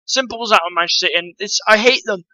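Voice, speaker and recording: Very fast and high, this man's bright, forceful voice drives an opinionated rant on football transfers aimed at his viewers, whom he calls guys. He's blunt and swears freely. There's no echo, and the highs are cut off.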